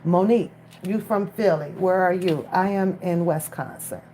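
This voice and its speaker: A woman chats casually on a phone livestream, addressing the viewers in chat directly. Her voice is mellow and fairly low, at normal speed, with slight background noise.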